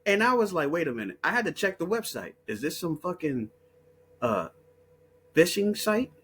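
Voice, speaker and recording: A man's voice: high-pitched, very animated, normal speed, a bit bright, slight background noise. A man hosting his own video, talking in a heated, profane monologue full of repeated words and restarts. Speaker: video host. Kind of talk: casual monologue.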